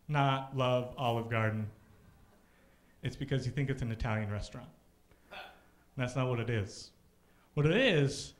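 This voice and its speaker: A man hosting a stand-up comedy show on a comedy club stage, animated, bursting into shouted mock rants. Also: mid-range voice.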